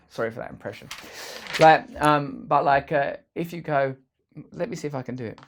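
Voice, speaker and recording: A man's voice: on the high side, fairly quick. A man hosting a casual, rambling vlog, full of playful jokey asides. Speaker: host.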